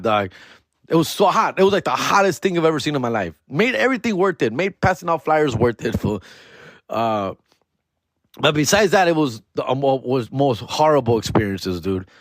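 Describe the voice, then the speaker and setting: A man telling a profane comedy story on his podcast, dropping Spanish words and doing other people in high voices. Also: big pitch swings, moderate pace, a bit bright, no room sound, clean studio sound. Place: podcast studio.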